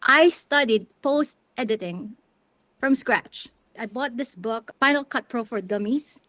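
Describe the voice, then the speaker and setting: A middle-aged woman from the Philippines, telling her story as an interview guest in a chatty, animated way with lots of restarts. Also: fairly high pitch, unhurried, no echo. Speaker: interview guest, wedding planner and videographer.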